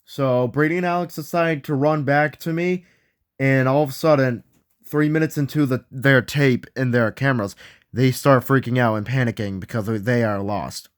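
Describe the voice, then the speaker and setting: A man hosting an acted ghost hunt, excitable and often yelling out names. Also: medium pitch, moderate pace, clean tone, no echo, studio quality.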